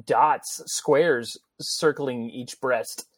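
A podcast guest chatting casually about a movie, nerdy and animated, laughing while talking. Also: mid-range voice, drawn-out words. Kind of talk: casual movie-review chat.

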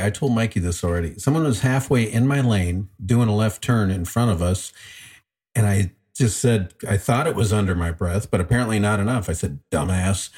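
A man's voice: lowish voice, darkish tone, husky. A middle-aged man co-hosting a podcast, easygoing as he tells stories about home. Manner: easygoing storyteller, telling anecdotes about his daughter. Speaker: podcast co-host. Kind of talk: casual podcast chat.

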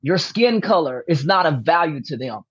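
A woman's voice: deep voice, lively intonation, moderate pace, slightly rough, no room sound, highs cut off. A woman giving a candid interview as a podcast guest, talking emphatically and repeating her key points. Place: room at home with posters behind.

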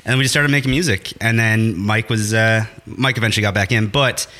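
A man's voice: on the low side, brisk, pushed and bright. A man hosting a podcast, telling a joking story in casual chat. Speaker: podcast host.

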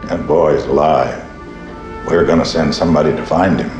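An actor playing a gruff, resolute older army general in a film clip. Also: male voice, rumbling low, normal speed. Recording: echoey film clip with music.

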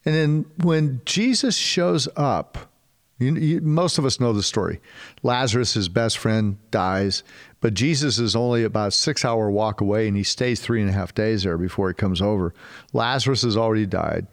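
A man preaching a sermon in a casual, animated way, with slangy asides to his listeners. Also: fairly low pitch, normal speed. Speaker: pastor.

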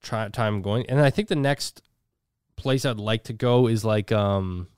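A man's voice: fairly low pitch, measured pace, darkish tone, smooth, no room sound, studio quality. A man co-hosting a casual podcast, rambling and joking with lots of fillers. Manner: rambling, filler-heavy, jokey. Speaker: podcast co-host.

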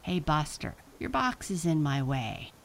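A woman's voice: deep voice, big pitch swings, a little slow, creaky, slight background noise, heavily acted. A woman voicing a bold, restless little girl who loves dinosaurs. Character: bouncy, bored little dinosaur-loving girl.

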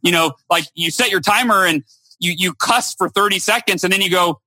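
A man with a high, bright voice tells his story in an interview. He speaks emphatically and acts out the quoted lines with lively shifts, recorded close and dry. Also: fairly quick, no room sound. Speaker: guest speaker and author.

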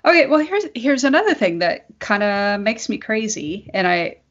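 A woman's voice: a little high, big pitch swings, moderate pace, fairly bright tone, dull audio. A woman co-hosting a podcast in casual chat, laughing often and correcting herself as she talks. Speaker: podcast co-host.

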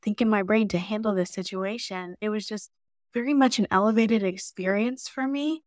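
Woman, podcast guest, casual lively storytelling, says "like" a lot, mid-range pitch, dry sound. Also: moderate pace, no room sound. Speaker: podcast guest, marketing mentor. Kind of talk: casual interview chat.

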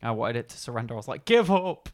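A man's voice: medium pitch, monotone, very fast, a crowd in the background. Laid-back guy chatting about a game. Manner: laid-back, agreeable, swears casually. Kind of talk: casual chat about a video game.

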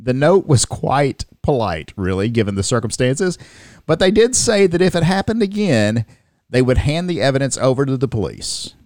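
A man's voice: medium pitch, very animated, moderate pace, a little mellow, no echo, studio quality. A man co-hosting a comedic news podcast, reading headlines aloud and joking between them. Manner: jokey, reads headlines aloud, laughs often. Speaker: podcast co-host.

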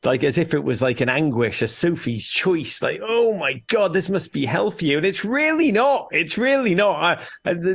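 Liverpool-accented man, gravelly, slightly high voice, exuberant and jokey guest on a sports talk show. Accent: Liverpool English. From Liverpool, England. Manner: exuberant, wordy, jokey storytelling. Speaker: guest, soccer podcast co-host. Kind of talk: animated radio interview chat.

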